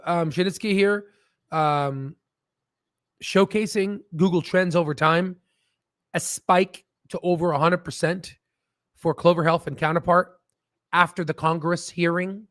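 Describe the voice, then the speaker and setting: A man with a high voice talks through stock news casually and loosely, drifting into jokes and checking in with "right?". The sound is dry and close. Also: steady tone, unhurried, pauses often, a bit bright, no echo. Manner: rambling, jokey, keeps asking "right?". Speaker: stock market video host.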